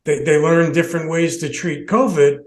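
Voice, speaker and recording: A man's voice: on the high side, fairly even intonation, moderate pace. A man who hosts a podcast, telling a personal story with many restarts and short laughs. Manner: rambling, many restarts, laughs between phrases. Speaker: podcast host.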